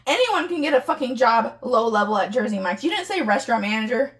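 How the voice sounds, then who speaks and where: A woman's voice: fairly high pitch, big pitch swings, fast, a bit bright, far from the mic. A young woman in a heated argument, agitated and close to tears, swearing as she rants. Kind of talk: heated argument filmed on a phone.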